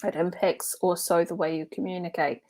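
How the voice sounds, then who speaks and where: Chatty lower-voiced woman coach. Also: brisk. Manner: chatty and animated, laughs while telling stories; loose, with many fillers like "uh" and "like". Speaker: NLP and hypnotherapy coach. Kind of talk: casual storytelling and teaching to camera.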